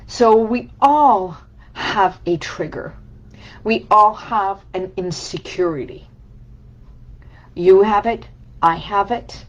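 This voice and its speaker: A woman's voice: mid-range voice, takes it slowly, long pauses, dull audio. A woman coach giving a reflective, emotional personal talk about letting go, speaking in short repeated phrases. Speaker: healing coach.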